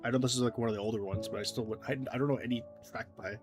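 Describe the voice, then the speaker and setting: Male streamer, casual self-deprecating game commentary, middle pitch, soft music bed. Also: steady tone, very fast. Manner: rambling, self-deprecating, reading chat. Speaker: gaming streamer.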